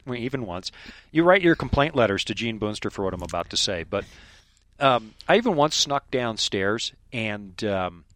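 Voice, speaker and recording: A middle-aged man from Canada, hosting a radio program and telling stories in casual chat. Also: fairly low pitch. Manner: animated storyteller, quick and lively. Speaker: radio host.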